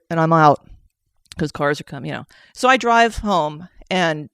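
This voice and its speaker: Woman, emotional storyteller, animated, dry close sound. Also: low voice, normal speed, smooth, no room sound. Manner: animated, jumps into quoting herself and others; tears up while telling it. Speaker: session participant sharing a story.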